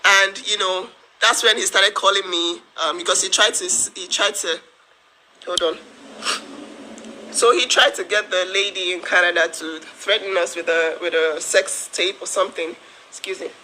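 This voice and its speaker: A woman's voice: lowish voice, steady tone, moderate pace, pushed and bright, slight background noise, low-quality recording. A woman from Africa who works as a nurse, talking straight to camera in an indignant, emphatic way and repeating herself for stress. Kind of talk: direct-to-camera vlog.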